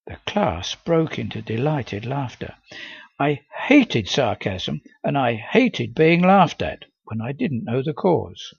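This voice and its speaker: A man reads a first-person story with a gravelly, husky voice and a lively, rising and falling delivery. The recording is dry and a bit muffled, with no room sound. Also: medium pitch, takes it slowly, no echo. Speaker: audiobook reader. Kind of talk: first-person novel reading.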